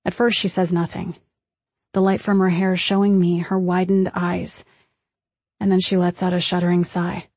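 A woman reads a first-person story aloud with measured, tense pacing. Her voice is husky and breathy. The recording is dry and close, with no room echo. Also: on the low side, flat delivery, darkish tone. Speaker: audiobook narrator. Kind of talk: first-person audiobook narration.

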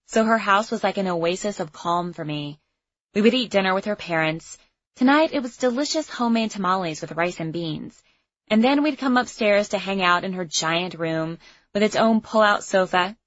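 Female audiobook narrator, wry and expressive; dry, dull lo-fi recording. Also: medium pitch, no room sound. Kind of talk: first-person audiobook narration. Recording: slightly muffled lo-fi recording.

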